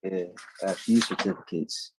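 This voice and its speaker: A young man and former student talking over a video call in a plain, low-key, slightly halting way. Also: fairly even intonation, background noise. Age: young adult.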